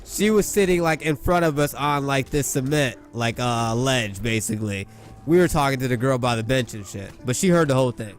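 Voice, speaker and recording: A man's voice: mid-range voice, fairly quick, soft background music. A young man, a gaming YouTuber, telling a boastful, profane, rambling story in casual talk into a desk mic. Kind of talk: casual storytelling over gameplay.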